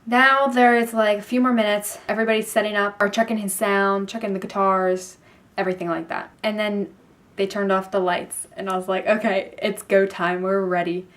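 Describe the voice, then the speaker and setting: A young woman vlogging, telling a story in a gushing, excited way with lots of fillers. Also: mid-range voice, normal speed. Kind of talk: casual storytelling to camera.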